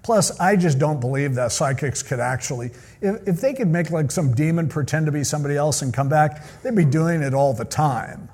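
A man's voice: on the high side, fairly quick, few pauses, a little mellow, slightly rough. A male pastor teaching from the Bible in a casual, joking way with chatty asides.

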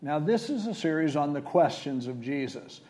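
A man delivering a sermon in a slightly high, mellow voice. He retells the scripture casually and conversationally, as if chatting with his listeners. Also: lively intonation, normal speed. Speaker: preacher.

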